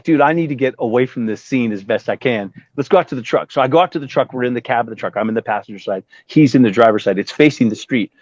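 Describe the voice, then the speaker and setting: A man's voice: medium pitch, darkish tone, no echo, muffled recording. A middle-aged man, a guest musician, telling a long rambling story in a casual interview, acting out the lines of the people in it. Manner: rambling anecdote with acted-out quotes and profanity.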